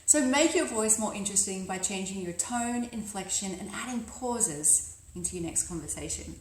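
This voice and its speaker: A woman's voice: mid-range voice, animated, normal speed, roomy sound, slight background noise, rough recording. A woman, giving an upbeat, emphatic coaching lesson on speaking with confidence at work. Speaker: career coach. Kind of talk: instructional talk to camera.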